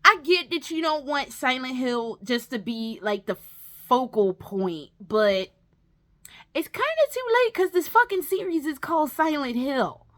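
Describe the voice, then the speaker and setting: A woman's voice: sits high, sing-song, measured pace, a bit bright. A woman gaming vlogger ranting casually and profanely, exasperated, breaking into mocking whiny impressions.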